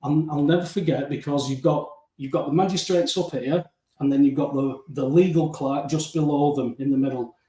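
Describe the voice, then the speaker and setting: A man with an animated storytelling manner, acting out dialogue as a guest in a casual interview. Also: fairly high pitch, normal speed. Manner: animated storytelling, acting out dialogue, often addressing the host by name. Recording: roomy, distant mic.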